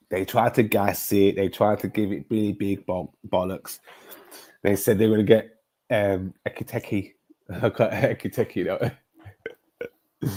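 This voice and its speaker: A man, chatting casually on a live stream, animated and rambling, often repeating himself. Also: on the low side. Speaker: football streamer chatting with viewers.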